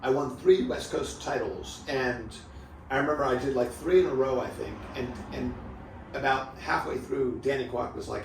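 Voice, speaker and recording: A man's voice: medium pitch, normal speed, creaky. A man in his fifties from southern California, a podcast guest telling stories in a loose, rambling way full of "like". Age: 50s. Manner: loose and rambling, lots of filler "like". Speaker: podcast guest, former pro surfer. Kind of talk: relaxed storytelling. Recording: roomy echo, distant mic, steady noise.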